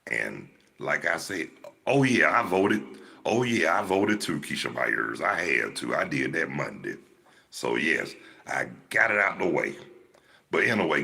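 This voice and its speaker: With a low, gravelly voice and a sharp tone, this older Georgia livestream host chats with his live audience. He tells stories casually, in a relaxed and rambling way.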